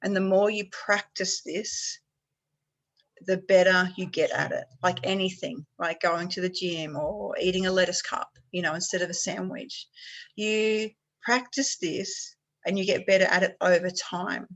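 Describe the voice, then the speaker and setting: A woman's voice: on the low side, fairly even intonation, unhurried, rough recording. A woman leading a health workshop on a video call, talking in a casual, encouraging way.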